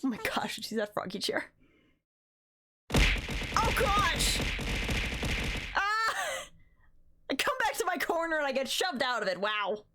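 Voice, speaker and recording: A woman's voice: sits high, very animated, fast, hardly any pauses, bright, forceful tone. A young woman live-streaming a game, chatting casually with her viewers and counting her jumps aloud in a bubbly, playful way.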